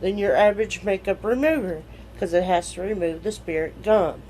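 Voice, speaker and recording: A woman's voice: medium pitch, normal speed, dark tone, a little hiss or hum, low-quality recording. A woman of thirty with a stuffy nose, explaining makeup application steps in a tutorial. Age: 30s.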